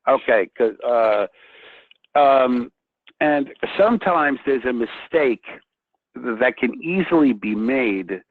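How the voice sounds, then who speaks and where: Guy painter chatting, gets excited and tongue-tied, sounds like he's on a tinny phone line. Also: medium pitch, takes it slowly, no room sound. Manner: excitable, restarts often. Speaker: guest painter. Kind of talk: casual chat.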